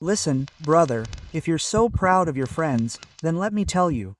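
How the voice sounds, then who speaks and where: A man's voice: on the high side, expressive, normal speed. A man from India giving an emotional sermon to a gathering, impassioned, repeating his phrases and building to fervent appeals. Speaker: preacher. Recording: distant mic with loud crowd noise. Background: crowd.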